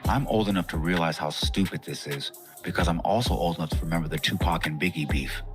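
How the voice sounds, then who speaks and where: Middle-aged male commentator, low voice, measured wry read over faint music. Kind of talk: scripted commentary.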